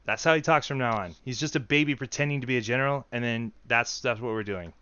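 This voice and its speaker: A man's voice: mid-range voice, fast talker, pushed and bright, clear, resonant tone, muffled recording. A man streaming a game, talking in a jokey, rambling way and laughing often. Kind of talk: casual game commentary. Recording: game music behind.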